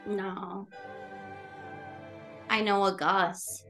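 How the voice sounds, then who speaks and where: A woman player chats through a tabletop role-playing game in a mid-pitched voice. She talks in an animated, giggly way. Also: very slow, vocal fry, soft background music. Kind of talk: casual tabletop game play.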